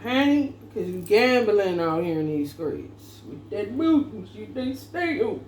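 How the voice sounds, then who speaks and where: A woman talks through a tarot reading in a loose, slangy way, laughing often and cursing freely. She speaks slowly at a middle pitch, with an unhurried drawl. The voice rings in an echoey room with faint noise behind it. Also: big pitch swings, darkish tone. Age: adult parent. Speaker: tarot reader. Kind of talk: casual tarot reading monologue.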